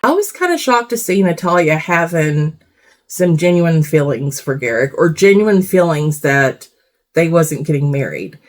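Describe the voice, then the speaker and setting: A woman's voice: low voice, very animated, a little slow. A woman giving casual reaction commentary on a reality show, blunt and rambling, swearing freely.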